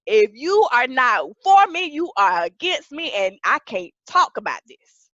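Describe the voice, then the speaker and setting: A woman pastor preaching an emphatic sermon that rises to shouts. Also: high-pitched, big pitch swings, measured pace, no room sound, lo-fi sound.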